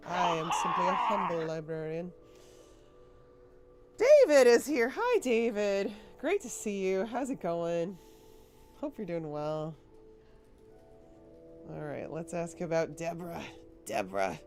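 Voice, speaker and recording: A woman's voice: fairly low pitch, sing-song, slow pace, long pauses, a little mellow, faint music behind. A woman from Rhode Island streaming a game, chatting casually and often giggling as she rambles. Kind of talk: casual livestream chat.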